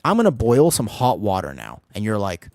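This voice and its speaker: A man streaming an online game as a healer, rambling excitably through casual commentary, swearing freely and laughing often. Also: fairly low pitch, normal speed, no echo, clean studio sound. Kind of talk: casual live gameplay commentary.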